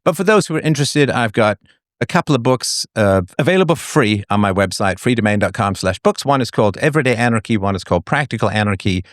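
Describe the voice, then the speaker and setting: A man hosting a debate, explaining his views in a lively, argumentative way. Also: mid-range voice, fast, dry recording, studio quality. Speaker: debate host.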